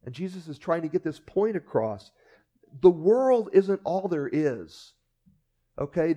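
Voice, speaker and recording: A man preaching a sermon with animated delivery, acting out the voices of people he quotes and often repeating words. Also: fairly high pitch. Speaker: pastor.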